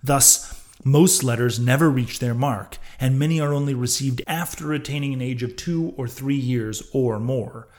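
A man hosting a podcast, reading a classic novel aloud in measured, steady audiobook narration. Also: mid-range voice. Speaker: podcast reader and host.

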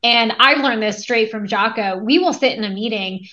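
A woman's voice: on the high side, normal speed. A woman in her thirties, a podcast guest, talking energetically and acting out quoted lines as she tells stories. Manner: energetic, storytelling with quoted dialogue. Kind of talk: conversational interview. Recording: dull lo-fi audio.

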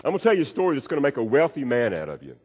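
A man's voice: mid-range voice, wildly swooping pitch, rapid-fire, a little mellow, slightly rough. A man preaching a sermon, folksy and storytelling, repeating his key phrases. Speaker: pastor. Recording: long reverb of a large hall.

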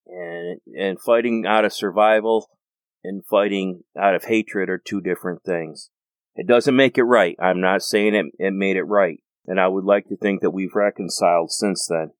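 Casual host monologue: an American man, low and earnest, rambling, dry close sound. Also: fairly even intonation, normal speed, no room sound. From United States.

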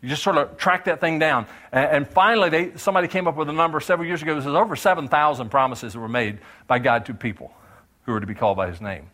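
Bright-voiced preacher. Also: male voice, fast talker. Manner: animated preacher, voicing God and doubters in lowered tones. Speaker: pastor. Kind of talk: sermon.

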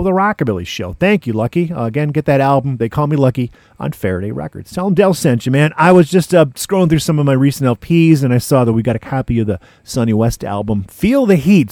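A man spinning records and chatting between songs with easygoing hipster patter. His voice sits in a middling pitch with a mellow, relaxed timbre. The sound is close and dry, like a studio mic. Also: dry recording. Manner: laid-back hipster slang, says "man" often. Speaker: radio DJ and podcast host. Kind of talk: casual music-show patter.

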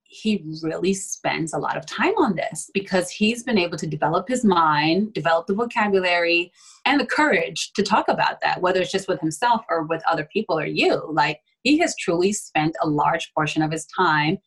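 A woman with a slightly low voice speaks as a guest on a podcast. She talks openly and with feeling, leaning on fillers like "like" and "you know." Her delivery is relaxed and unscripted. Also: moderate pace, breathy edge, low-quality recording. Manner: open and emotional, with frequent filler words. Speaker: guest, adoptee. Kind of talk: casual conversation.

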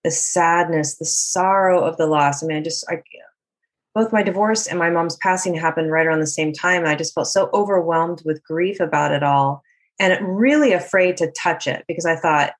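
Woman, lower pitch, life coach guest, earnest, reflective, casual conversation. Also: moderate pace. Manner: earnest and reflective, acts out inner voices.

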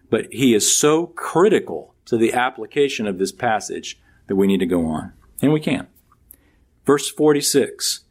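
Male pastor, mid-pitched, preaching a sermon, emphatic pitch swings. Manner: preaches with lively pitch swings, reading scripture aloud.

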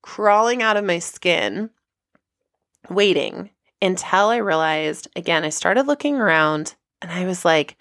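A woman hosting a podcast, telling a personal story in a lively way and acting out the people she quotes. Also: normal speed, dry recording, clean studio sound. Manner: animated, acts out quoted people with big pitch jumps. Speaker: podcast host.

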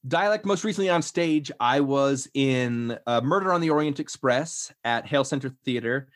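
A man's voice: mid-range voice, moderate pace, dry recording, clean studio sound. A young adult man, a voice actor, chatting casually in an interview in a self-effacing way. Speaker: voice actor and audiobook narrator.

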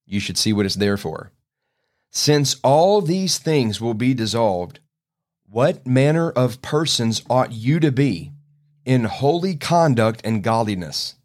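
A man preaching a sermon podcast, reading scripture aloud and breaking into folksy, emphatic asides. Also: mid-range voice. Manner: folksy, earnest, rising to emphatic outbursts.

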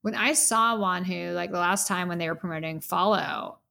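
A woman co-hosting a podcast, chatting casually and excitedly about her favorite pop stars. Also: on the low side, vocal fry. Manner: excited, gushing, quick asides. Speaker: podcast co-host. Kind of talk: casual fan chat. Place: home in New York.

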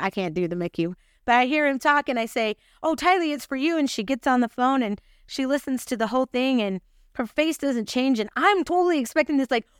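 A woman's voice: fairly high pitch, clear, resonant tone, dry recording, clean studio sound. A woman hosting a gospel lesson podcast, mixing scripture with chatty, confiding personal stories. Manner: chatty, confiding, self-deprecating.

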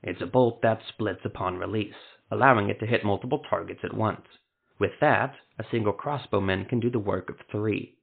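A man's voice: lowish voice, moderate pace, gravelly, husky. A man doing a wary craftsman. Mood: persuasive. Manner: hushed and careful. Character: wary male outsider craftsman. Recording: phone-like narrow sound.

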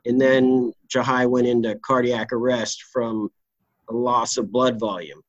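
Blunt, salty trial lawyer telling a story. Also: male voice, medium pitch, steady tone, unhurried, no echo, muffled recording. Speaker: trial lawyer, interview guest. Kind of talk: candid storytelling interview.

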